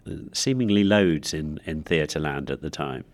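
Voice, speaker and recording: A man with a very deep voice recounts history as an interview guest. He pauses often and fills gaps with ums and uhs as he thinks. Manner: hesitant, with fillers. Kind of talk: interview storytelling.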